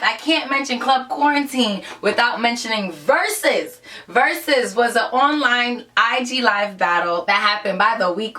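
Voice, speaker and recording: Bright, upbeat woman hosting a vlog countdown. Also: a little high, far from the mic. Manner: enthusiastic, conversational, full of shout-outs. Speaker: host of a countdown show.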